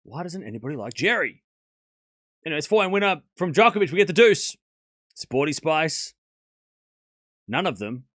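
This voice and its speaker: Guy streamer calling tennis live, kinda high voice that jumps all over, joking w chat, dry sound. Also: big pitch swings, moderate pace, pauses often, fairly bright tone, no echo. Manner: chatty, joking, laughs often, argues playfully with chat. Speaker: streamer hosting a tennis watchalong. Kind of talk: casual live play-by-play and chat banter.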